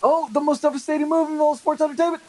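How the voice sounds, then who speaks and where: A man co-hosting a podcast, dropping quick, dry one-liners in casual chat. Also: extremely high pitch, little pitch movement, a little mellow. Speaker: podcast co-host. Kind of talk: casual chat, live reaction.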